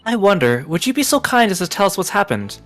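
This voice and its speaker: A stream guest voicing a gentle, formal young female judicial assistant. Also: mid-range voice, big pitch swings, fast. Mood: polite. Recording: game music playing faintly behind.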